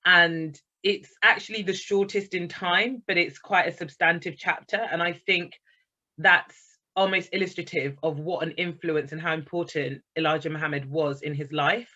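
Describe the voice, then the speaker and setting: A woman's voice: lowish voice, steady tone, normal speed, pushed and bright, highs cut off. A woman speaking to an online book club over a video call, chatty and enthusiastic. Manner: enthusiastic, chatty, reads out comments. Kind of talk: online talk to a group.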